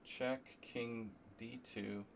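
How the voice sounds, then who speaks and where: A man from New Jersey streaming a chess simul, thinking aloud in a halting, casual way and coughing now and then. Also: medium pitch, fairly even intonation, gravelly, slight background noise. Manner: halting, muttering through chess moves with fillers.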